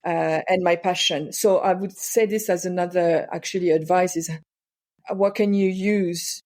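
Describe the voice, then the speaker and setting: French-accented woman, low voice. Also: fairly even intonation, measured pace, darkish tone. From France. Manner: hesitant, many fillers and restarts. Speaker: guest artist. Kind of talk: casual interview chat.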